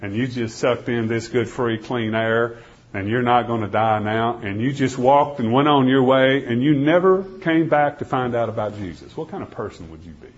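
A man preaches, telling a dramatic first-person story in a middle-pitched voice. He swings between loud pleading and hushed, almost whispered lines. The recording sounds dull and lo-fi. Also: normal speed.

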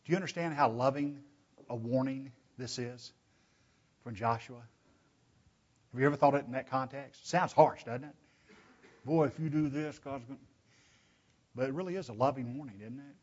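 A man with a mid-range voice, talking a little fast, preaches emphatically in a church. He calls the listeners brethren, asks rhetorical questions, and moves from loud urging down to hushed pleading, all on a dull, lo-fi recording.

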